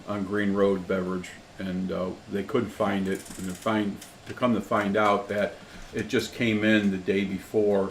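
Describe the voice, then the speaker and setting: Rambling storyteller man, low voice, echoey room. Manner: rambling storyteller, many restarts and "blah, blah, blah". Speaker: podcast co-host. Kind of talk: casual chat. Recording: echoey room, faint background noise.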